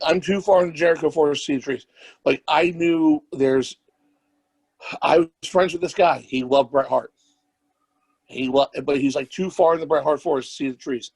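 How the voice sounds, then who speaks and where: A man's voice: fairly high pitch, a little mellow, slightly rough. A man co-hosting a casual wrestling podcast, joking and teasing the others. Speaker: podcast co-host.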